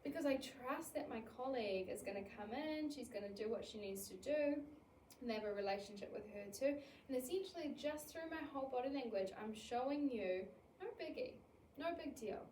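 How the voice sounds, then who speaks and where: A woman, an early childhood educator giving an animated talk on child care, acting out little scenes in quoted voices. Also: on the high side, brisk, a little hiss or hum. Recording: echoey room, mic at a distance.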